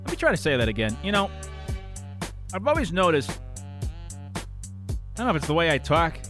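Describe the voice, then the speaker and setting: A man's voice: fairly high pitch, huge pitch swings, brisk, a bit bright, soft background music. A man with a Connecticut accent hosting sports radio in a studio, rambling casually and running his words together.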